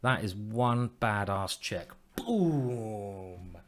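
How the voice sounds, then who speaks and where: Lowish-voiced guy streaming chess, talking to himself, teasing the other player, jokey. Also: expressive, normal speed. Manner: playful, self-mocking, talks to himself and his opponent. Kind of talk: thinking aloud while playing online chess.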